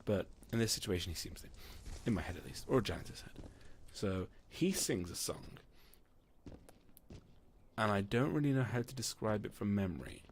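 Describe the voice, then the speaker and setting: A man with a lowish, animated voice runs a tabletop game as game master by himself in a room, talking at a moderate pace. His narration is casual and meandering, frequently interrupted by questions to himself, over slight background noise.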